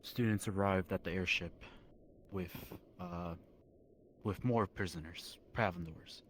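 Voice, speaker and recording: A man in character as a witness, recounting events haltingly with many pauses and restarts. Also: sits low, a little hiss or hum. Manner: hesitant, halting, full of ums and restarts. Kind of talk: in-character roleplay testimony.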